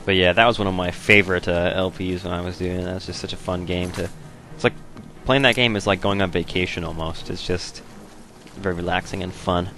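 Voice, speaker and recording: A young man giving laid-back, rambling commentary as he plays a video game, now and then breaking into loud joking voices. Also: low voice, fairly even intonation, a little fast, slight background noise. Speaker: let's play host. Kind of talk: casual gameplay commentary.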